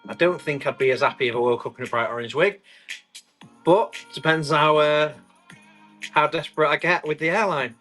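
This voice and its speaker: A man talks casually through a live-stream tool sale, joking with the chat as he goes. His voice is bright and a touch high. Soft music plays faintly underneath. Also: normal speed. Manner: chatty and rambling, joking with the chat. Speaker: live online tool auction seller.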